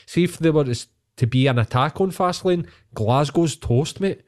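A man's voice: on the high side, moderate pace, a little mellow. A man with a Glaswegian Scottish accent, co-hosting a podcast in casual chat, ranting heatedly and swearing a lot. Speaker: podcast co-host.

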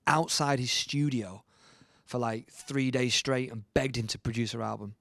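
A man in his thirties tells stories with lively, colloquial energy and frequent laughter. His voice sits at an ordinary pitch. It is recorded close and dry, with no room sound. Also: normal speed, vocal fry, dry recording. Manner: animated storyteller, laughing often, colloquial. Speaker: guest musician. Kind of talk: casual anecdote-telling.

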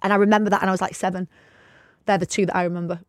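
A young woman co-hosting a podcast, telling candid stories in a giggly, animated way. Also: mid-range voice, very fast, no echo, studio quality. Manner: candid, giggly storytelling, animated when quoting. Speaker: podcast co-host. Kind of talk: casual chat.

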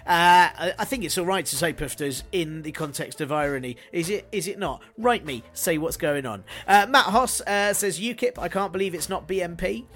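Uk guy doing his podcast, high-ish voice, deadpan sarcastic jokes, bit of music under it. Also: moderate pace, few pauses. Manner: sardonic, jokey asides. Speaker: podcast host. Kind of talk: scripted solo podcast segment.

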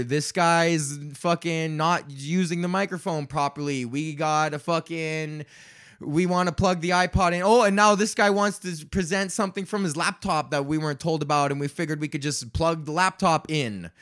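A man hosting his own podcast, ranting casually about poker and sound gigs in a profane, rambling, animated way. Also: on the high side, normal speed. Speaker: podcast host. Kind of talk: casual solo rant.

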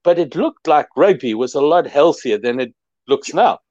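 A man's voice: on the high side, animated, moderate pace, a little mellow, no room sound. A man co-hosting a rugby chat, talking in a thoughtful, hesitant way with many fillers. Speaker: rugby podcast co-host. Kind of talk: reflective sports chat. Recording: dull, dry lo-fi sound.

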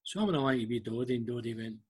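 Here the former club liaison officer, an older Scottish man, sounds husky and animated, his medium-pitched delivery rapid-fire. It's a casual storytelling interview where he appears as a guest. He shares anecdotes and acts out the dialogue he quotes.

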